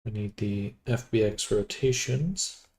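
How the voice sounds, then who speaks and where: Drowsy guy mumbling thru his to-do list on stream, slow and gravelly. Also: lowish voice. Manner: quiet, unhurried murmuring to himself. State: sleepy, yawning. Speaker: livestreamer building avatars. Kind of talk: thinking aloud while working on a livestream.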